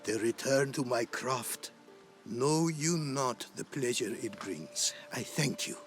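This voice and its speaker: A man's voice: mid-range voice, expressive, takes it slowly, faint music behind. Old rune craftsman with twisted syntax. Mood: grateful. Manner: speaks in odd inverted word order. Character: eccentric old male rune craftsman, grateful. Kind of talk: video game voice acting.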